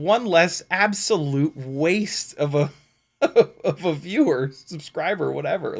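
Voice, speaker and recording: A man hosting a casual livestream, ranting sarcastically and profanely with frequent laughs and big swings in loudness. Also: fairly high pitch, lively intonation, measured pace. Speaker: YouTube host.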